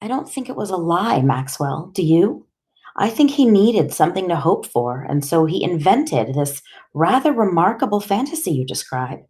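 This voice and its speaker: A woman voicing a weary, gentle female doctor in an audiobook, calm and soft-spoken. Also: on the low side, normal speed, pitched above the performer's own voice. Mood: consoling. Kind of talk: audiobook character dialogue.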